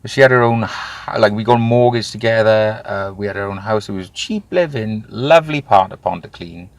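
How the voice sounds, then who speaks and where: A man, telling his own story candidly in an interview, animated and swearing freely. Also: fairly low pitch, a little fast, no echo. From Wales. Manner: animated, swears freely, acts out quoted voices. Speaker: guest.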